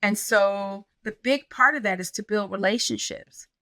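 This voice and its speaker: A woman pastor in an interview, telling stories in an animated way and acting out the dialogue she quotes. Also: medium pitch, moderate pace, no room sound. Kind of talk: conversational interview storytelling.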